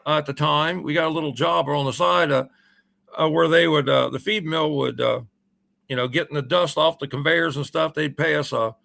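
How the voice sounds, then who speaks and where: This is a man in his sixties, a guest on a radio show, telling a long personal story in a loose, folksy manner. His voice sits a little high and sounds bright and forward, and he wanders through his sentences with plenty of uhs and ums. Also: steady tone, normal speed, gravelly. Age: 60s. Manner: rambling, folksy, full of uh and um. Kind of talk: casual storytelling.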